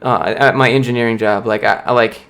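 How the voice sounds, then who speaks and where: A man's voice: mid-range voice, fairly even intonation, fairly quick, fairly bright tone. A young man on a casual livestream, reading and answering viewer chat in a blunt, motivational way. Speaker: streamer, software developer.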